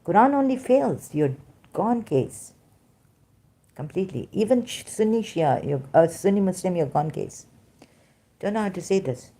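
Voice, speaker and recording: A woman with a non-native English accent talks in an unscripted monologue to her viewers. She rambles and presses hard on her points. Her voice is mellow, slightly low and very slow. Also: animated. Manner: emphatic, rambling, addresses listeners directly. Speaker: vlogger.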